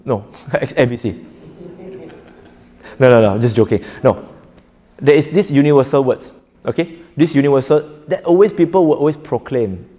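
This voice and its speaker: A man's voice: mid-range voice, moderate pace, long pauses, warm tone. Man lecturing in a reverberant hall. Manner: jokey, quizzes the audience, laughs often. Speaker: preacher teaching a workshop. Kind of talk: interactive lecture. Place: hall with a live audience.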